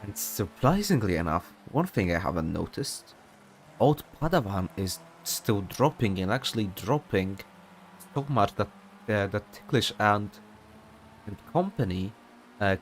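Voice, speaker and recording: A man's voice: on the low side, expressive, normal speed, slight background noise. A young man commentating an online sim race in a casual, rambling way, with many fillers and off-topic asides.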